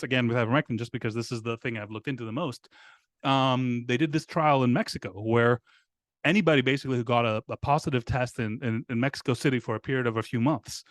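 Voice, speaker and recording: Halting, laughing man in casual talk. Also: mid-range voice, no room sound, clean studio sound. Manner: halting, many restarts and fillers, laughs often. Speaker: podcast guest. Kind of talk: casual conversation.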